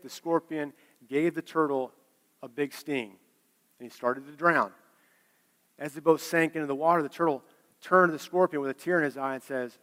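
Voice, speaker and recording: A man's voice: mid-range voice, a bit bright. A man pastor delivering an earnest, emphatic sermon and often repeating his words. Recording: long hall reverb.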